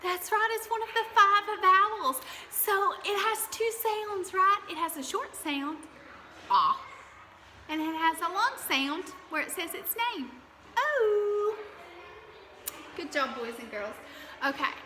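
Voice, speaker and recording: Sing-song bright-voiced teacher woman. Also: very high-pitched, normal speed, long reverb tail, a little hiss or hum. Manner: sing-song, exaggerated vowel sounds, coaxing questions. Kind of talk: early-years phonics lesson.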